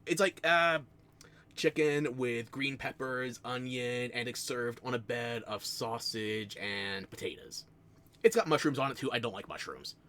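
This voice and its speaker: A man's voice: mid-range voice, a little slow, fairly bright tone. A man from the United States with a New Jersey accent, chatting casually on a stream and telling self-mocking stories with frequent laughs.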